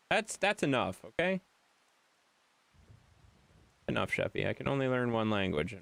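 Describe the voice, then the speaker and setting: Sex: man. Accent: Wisconsin. Role: game streamer. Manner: mock-exasperated, lively pitch. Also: unhurried, creaky, long pauses, no echo. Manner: playful, mock-exasperated, reads and answers chat. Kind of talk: live-stream chat banter.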